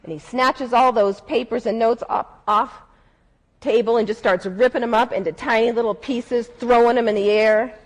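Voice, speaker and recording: A woman with a high voice gives an earnest, reflective talk. She speaks as a civil rights lawyer recounting an experience from her own work. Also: steady tone, normal speed, low-quality recording. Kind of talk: speech storytelling.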